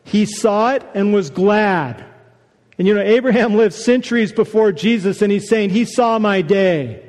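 A man preaching a sermon, conversational and animated, with casual asides to the congregation. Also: high-pitched, a little slow, big-room sound. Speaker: pastor.

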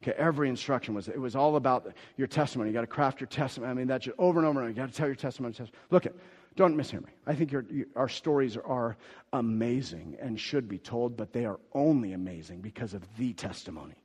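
A man preaching a sermon as pastor, swinging from quiet asides to loud, emphatic declarations and repeating key phrases. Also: mid-range voice, fast, husky, big-room sound.

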